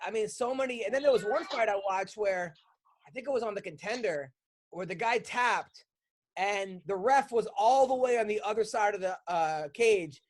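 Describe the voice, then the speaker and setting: Male host, high voice, eager casual chat. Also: normal speed. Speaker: podcast host.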